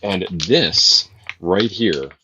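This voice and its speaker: A man co-hosting a casual live-stream chat, joking around and pitching the show's coffee. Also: drawn-out words, noisy background. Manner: joking, reads coffee promos. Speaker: co-host.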